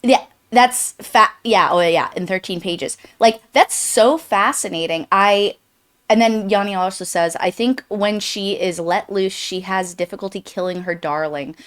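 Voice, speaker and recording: Woman, mid-pitched voice, casual podcast co-host, opinionated, reads listener comments. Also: measured pace, fairly bright tone. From Florida. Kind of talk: casual book discussion.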